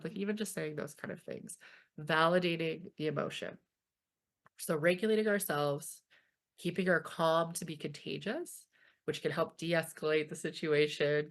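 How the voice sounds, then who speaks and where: Woman, Canadian accent, low pitch, gravelly fry, informal webinar presenter, home setting. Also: fairly bright tone. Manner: informal, frequent "okay?" check-ins. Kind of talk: online webinar lecture.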